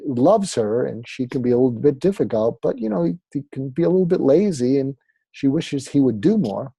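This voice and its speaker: A man's voice: mid-range voice, gravelly, warm tone, husky, dry recording. A man, a psychiatrist and author, explaining advice as an interview guest in a conversational way, often with fillers. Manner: conversational, acts out sample dialogue, frequent fillers.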